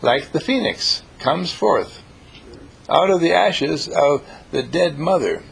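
A man giving an inspirational talk, telling stories in an animated, emphatic way and repeating his key lines. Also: on the high side, takes it slowly, creaky, breathy edge. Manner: animated, repetitive, emphatic storyteller. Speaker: speaker.

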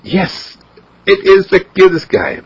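Fussy protective mother voiced by a man, husky gravelly tone, lo-fi sound. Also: sits high, steady tone, slow, pitched above the performer's own voice, exaggerated voice. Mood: fretful. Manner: fretful, protective. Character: worried young mother, fussy and cautious. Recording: dull lo-fi recording.

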